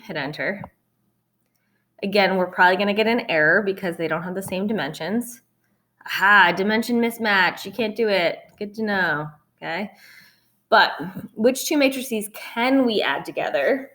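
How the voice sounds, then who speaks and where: A woman's voice: medium pitch, a bit bright. Woman math teacher, casual recorded lesson, upbeat and chatty, mid-range voice. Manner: upbeat, chatty, says "ta-da" at results. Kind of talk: recorded calculator tutorial for students.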